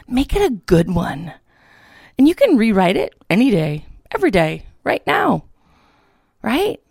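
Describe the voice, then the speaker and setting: A woman hosting a motivational podcast, a little hoarse and tired, talking with energy and asking her listeners for a response. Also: medium pitch, big pitch swings, measured pace, a little mellow, dry recording, studio quality. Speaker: podcast host, motivational speaker.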